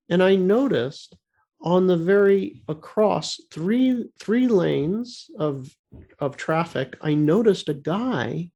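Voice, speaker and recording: A man co-hosting a radio show, telling a story in a halting way, often repeating words and restarting. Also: a little high, creaky, a little mellow. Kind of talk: casual storytelling.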